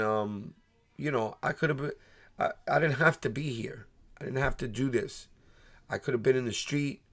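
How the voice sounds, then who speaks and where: A man hosting a casual sneaker livestream, heartfelt and restarting his words as he gives viewers shout-outs. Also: medium pitch. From New York.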